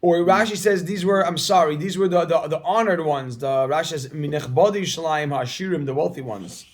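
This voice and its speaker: A man with a high voice teaches a Gemara study class. He explains the text in English laced with Hebrew and Yiddish terms, often restarting his sentences. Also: a little fast.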